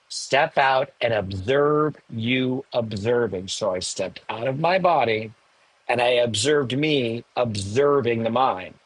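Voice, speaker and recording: A man in his sixties, a podcast guest, telling a personal story candidly, emotional and animated with self-mocking asides. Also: mid-range voice, breathy edge, no room sound, poor audio. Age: 60s. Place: home in the hills above a large city.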